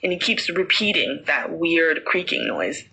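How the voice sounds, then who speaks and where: Bright, husky woman telling a story. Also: on the low side, very animated, unhurried, low-quality recording. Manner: chatty, many fillers like "like". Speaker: podcast host. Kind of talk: casual storytelling.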